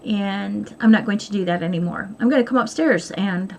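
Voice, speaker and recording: A woman's voice: medium pitch, normal speed, gravelly, a little mellow, a little hiss or hum. Candid rambling woman vlogging. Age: middle-aged. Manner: candid, rambling, self-deprecating. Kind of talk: casual chat. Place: home sewing room.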